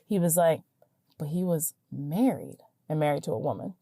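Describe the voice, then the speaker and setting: A woman hosting a podcast, telling a personal story in a chatty, animated way with lots of fillers and quick "right?" checks. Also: low voice, no room sound, clean studio sound. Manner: animated, chatty, many fillers and tag questions. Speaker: podcast host. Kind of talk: casual storytelling.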